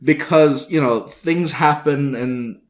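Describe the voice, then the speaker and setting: A man's voice: on the high side, slow. A man co-hosting a film podcast in casual chat, often laughing and restarting his sentences. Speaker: podcast co-host.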